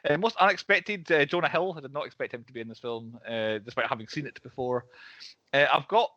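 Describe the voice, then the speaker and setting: A man's voice: mid-range voice, fairly quick, bright, forceful tone, dry recording, lo-fi sound. A man hosting a casual film podcast, laughing often as he moves through the categories. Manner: laughs often, runs the segments. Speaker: podcast host.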